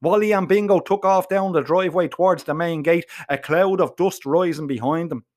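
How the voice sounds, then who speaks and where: A man's voice: a little high, moderate pace. A man telling a comic first-person story, full of swearing and slang. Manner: profane, slangy, animated.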